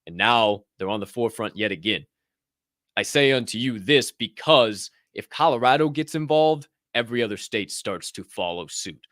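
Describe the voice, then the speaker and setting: A man hosting a podcast, running through news in an animated, joking way, swearing and ranting as he goes. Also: medium pitch, moderate pace, no room sound, clean studio sound. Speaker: podcast host. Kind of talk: energetic news rundown.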